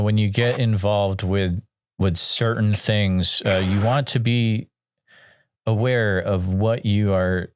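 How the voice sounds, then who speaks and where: Smooth-voiced male podcast host. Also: lowish voice, no echo, studio quality. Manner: thoughtful, halting questions with fillers. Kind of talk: casual interview.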